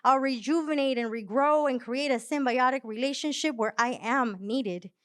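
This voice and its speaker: A young woman poet performing spoken word live, with soft, hesitant chat before a measured, emphatic recitation. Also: high voice. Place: live venue.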